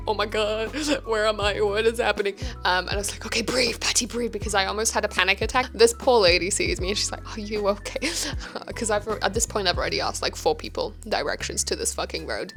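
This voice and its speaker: A woman's voice: mid-range voice, sharp tone. A young woman telling a casual vlog story, chatty and self-mocking, swearing freely. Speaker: vlogger. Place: hotel room.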